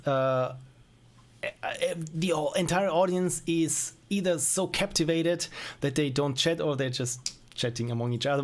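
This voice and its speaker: Young guy streaming indie games, kinda high voice, rambles and pokes fun at himself. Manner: rambling, self-mocking, chuckles often. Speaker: game streamer reviewing jam games. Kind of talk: casual live-stream commentary.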